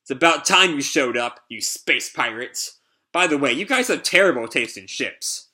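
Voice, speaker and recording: A man reading the lines of a brash, cheerful teenage boy hero, cocky and excitable. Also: medium pitch, normal speed. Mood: defiant.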